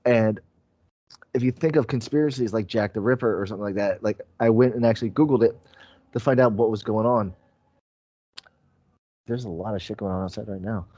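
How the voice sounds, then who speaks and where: Mellow-voiced man rambling casually. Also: lowish voice, fairly quick, pauses often, dry recording, dull audio. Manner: rambling, many fillers like "like" and "um". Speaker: podcast co-host. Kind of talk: casual chat.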